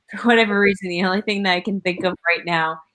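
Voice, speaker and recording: A woman in relaxed group chat on a video call, her voice sitting at a middling pitch. She rambles through stories with plenty of "like" and "um." She breaks into giggles along the way. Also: a little fast, low-quality recording. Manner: giggly, rambling with many fillers. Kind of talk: casual chat.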